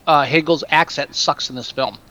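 A man's voice: on the high side, normal speed, sharp tone, low-quality recording. A man chatting casually on a podcast with a New Jersey accent, rambling with frequent restarts and mocking asides. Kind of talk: casual chat.

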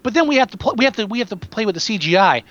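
A man chatting casually about a film, sarcastic, animated and quick to swear. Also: high-pitched, no echo, muffled recording. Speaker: podcast co-host reviewing a film. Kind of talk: casual profane movie chat.

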